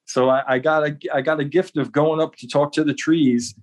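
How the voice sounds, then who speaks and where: Earnest man with halting repeats. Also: a little high, fairly even intonation. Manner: earnest, repeats words often. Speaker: guest. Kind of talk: casual interview talk.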